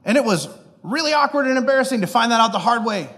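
High-voiced man telling a story in a hall. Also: fast. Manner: animated, self-deprecating, acts out quoted people. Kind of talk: storytelling sermon.

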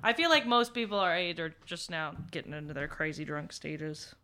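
A woman's voice: sits low, lively intonation, moderate pace, sharp tone. A woman in her twenties co-hosting a podcast, chatting casually and joking irreverently. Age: 20s. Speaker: podcast co-host. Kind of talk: casual chat.

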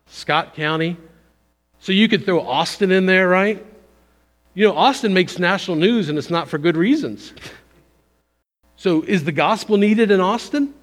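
A man giving a conversational, folksy missions sermon in a church, pushing up for emphasis and then dropping low. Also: measured pace, long pauses. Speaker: visiting missions speaker. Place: church sanctuary. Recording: long hall reverb.

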